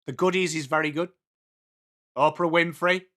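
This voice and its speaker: A young English man hosting a live football watchalong, chatting excitably with viewers and calling out plays. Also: a little high, moderate pace. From England. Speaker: watchalong stream host.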